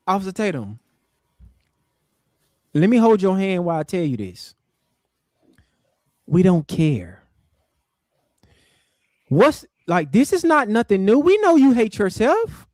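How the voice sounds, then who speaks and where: A man's voice: high-pitched, very animated, takes it slowly, pauses often, darkish tone, no room sound, poor audio. A man hosting a live reaction stream, talking casually and mocking the clip he answers. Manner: mocking, talks back at the clip. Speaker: livestream host.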